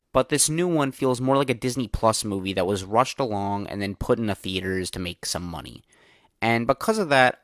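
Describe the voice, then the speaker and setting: A man's voice: fairly low pitch, fairly bright tone, no room sound, clean studio sound. A young man hosting a solo movie review podcast, chatting casually with lots of filler words and candid opinions.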